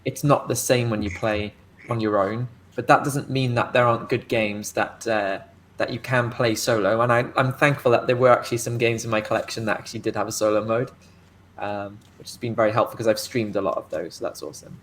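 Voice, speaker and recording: A man's voice: on the low side, fairly even intonation, brisk, fairly bright tone, slight background noise. Welsh man, livestream co-host, tired, rambling, stumbling over words. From Wales. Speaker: guest co-host and interviewer. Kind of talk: casual livestream chat.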